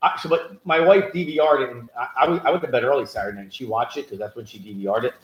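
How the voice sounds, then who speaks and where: Animated man ranting on a roomy podcast. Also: mid-range voice, racing, muffled recording. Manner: animated storyteller, rising emphatic rants. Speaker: podcast co-host. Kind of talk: casual political chat. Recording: roomy echo.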